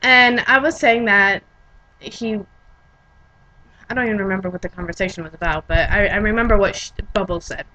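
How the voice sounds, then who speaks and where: Young woman from Pennsylvania, bright, chatty vlogger who rambles and corrects herself mid-sentence. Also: mid-range voice, brisk, low-quality recording. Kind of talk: casual storytelling vlog.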